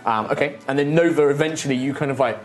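A man running a tabletop game as game master, telling the action in an animated way with sound effects and frequent chuckles. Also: medium pitch, fast talker.

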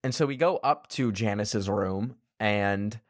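A man's voice: fairly low pitch, measured pace, no room sound. Young man telling a story, dry sound. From Canada. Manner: animated, laughing, casual swearing. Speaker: vlogger. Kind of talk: casual storytelling.

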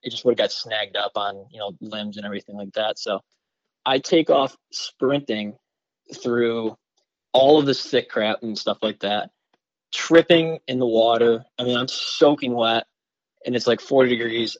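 A man from Michigan, a bowhunter guest on a podcast, tells a story in an excited, rambling way and packs his talk with "like" and "you know". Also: medium pitch, moderate pace, no echo, lo-fi sound. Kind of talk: casual storytelling in a podcast interview.

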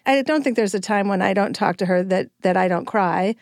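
Smooth-voiced middle-aged woman, earnest. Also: mid-range voice, fairly quick, a little mellow, no echo, clean studio sound. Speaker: podcast co-host. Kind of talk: casual chat.

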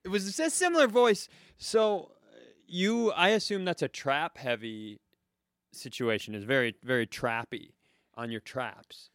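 A man co-hosting a comedy podcast, telling stories in casual, animated riffs. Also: medium pitch, a little slow, no room sound, studio quality. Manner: animated riffing storyteller. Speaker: podcast co-host.

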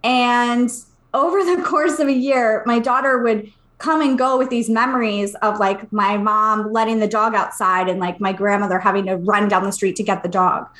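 A woman in her thirties with a slightly high voice tells a personal story on a podcast. She talks casually and in an animated way, acting out the voices of the people she quotes. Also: normal speed. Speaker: podcast co-host.

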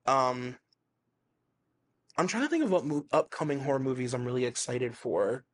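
A man's voice: medium pitch, expressive, moderate pace. A man co-hosting a podcast in casual chat, rambling with lots of fillers and frequent laughs, in a hazy, stoned state. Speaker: podcast co-host.

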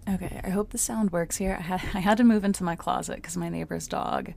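Chatty woman podcaster with gravelly fry. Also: lowish voice, brisk, a little mellow, a little hiss or hum. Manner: chatty, many filler "like"s; self-described hot-headed and fiery. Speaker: podcast host. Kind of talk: casual solo podcast advice. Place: home closet.

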